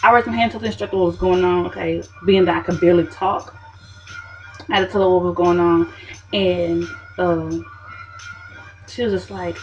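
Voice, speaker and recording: A woman's voice: fairly low pitch, steady tone, normal speed, long pauses, lo-fi sound, soft background music. A woman telling a story to camera in a sassy, dramatic diva manner. She keeps tossing in "okay, honey.". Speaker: vlogger.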